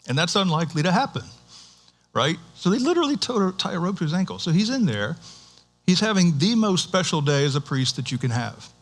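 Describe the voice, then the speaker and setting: Man preaching a conversational sermon. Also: sits high. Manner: conversational, animated, with restarts and asides. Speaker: pastor. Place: church.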